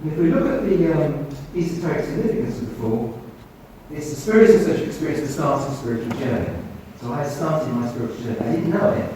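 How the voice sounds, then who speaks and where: Male doctor, storyteller, very expressive, distant mic in a big echoey room. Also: fairly quick, slight background noise. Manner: animated, swings his pitch when quoting others. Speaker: doctor giving a talk. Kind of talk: storytelling talk to an audience. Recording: roomy hall, mic at a distance.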